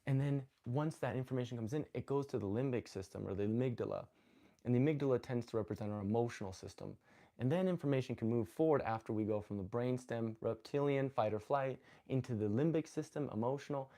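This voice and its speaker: A man hosting a live stream on spirituality, talking casually and earnestly, often restarting his sentences. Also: mid-range voice. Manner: rambling, self-correcting, earnest and animated. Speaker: host of a live spiritual talk. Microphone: phone.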